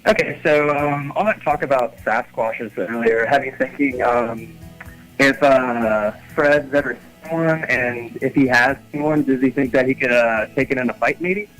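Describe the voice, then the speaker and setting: A man's voice: mid-range voice, normal speed, a bit bright, faint music behind, poor audio. Hesitant male caller with a question. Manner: hesitant, full of ums. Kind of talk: call-in question.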